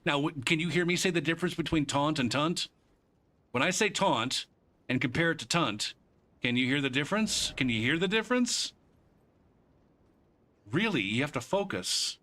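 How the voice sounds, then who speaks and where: His voice is slightly high, brisk, and expressive, with a bright and forceful tone. The male streamer argues and jokes with chat as he plays, swearing freely in a casual live-stream conversation.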